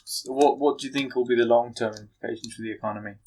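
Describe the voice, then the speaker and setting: Young british guy on a podcast, mid-pitched, short unsure replies, asks lots of questions. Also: fairly even intonation, fast, warm tone, breathy edge, poor audio. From United Kingdom. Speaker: podcast co-host. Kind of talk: casual chat among friends.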